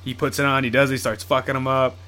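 A man's voice: medium pitch, level tone, fast, pushed and bright. A man in casual chat, rambling and swearing as he retells comic storylines and acts out the characters' lines.

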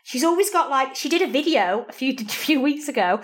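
A woman's voice: high-pitched, a little fast. A woman, chatting casually and telling stories with lots of "like" and swearing. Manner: animated storytelling, lots of "like", swears. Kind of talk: casual chat.

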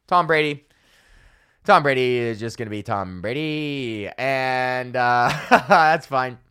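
A man's voice: mid-range voice, takes it slowly, pushed and bright, clear, resonant tone. Profane ranting male comedian. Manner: profane, exasperated, sarcastic. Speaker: podcast host and stand-up comedian. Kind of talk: casual ranting monologue.

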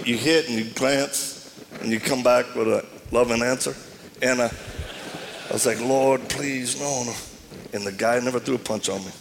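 Cajun male preacher, mid pitch, gravelly, playful storyteller, noisy live feed. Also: in a large hall. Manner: humorous, animated storytelling with self-deprecating asides.

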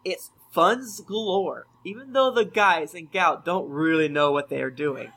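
A man's voice: on the high side, unhurried, sharp tone. A man co-hosting a casual podcast among friends, reading listener reviews aloud with playful, jokey emphasis.

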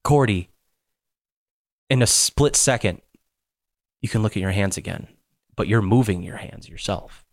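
A man's voice: lowish voice, a little slow, long pauses, dry recording, clean studio sound. A man narrating as game master of a tabletop game, joking and laughing often.

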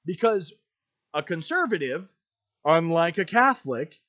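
Animated, high-voiced ranting man. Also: measured pace. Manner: ranting, emphatic, repetitive. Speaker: podcast host. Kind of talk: impassioned podcast monologue.

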